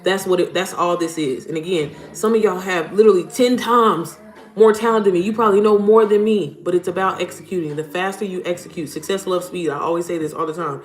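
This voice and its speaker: A woman's voice: lowish voice, steady tone, fairly quick. Lady chatting on a livestream, blunt, swears a lot, roomy room with faint music behind. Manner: chatty, blunt, swears casually, addresses viewers as y'all. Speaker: livestream host and mom business coach. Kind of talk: casual livestream chat.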